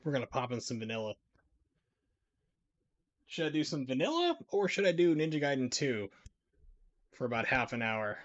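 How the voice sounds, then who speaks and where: A man's voice: mid-range voice, very animated, moderate pace, long pauses, fairly bright tone, highs cut off. A man casually commenting on his gameplay while streaming, rambling and wry as he chats to his viewers. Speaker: game streamer.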